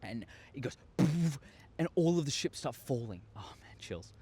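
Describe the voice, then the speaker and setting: A young man telling a story to his viewers, excitable and acting out scenes with sound effects. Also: mid-range voice, normal speed, a little hiss or hum. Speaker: YouTuber. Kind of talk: casual storytelling monologue.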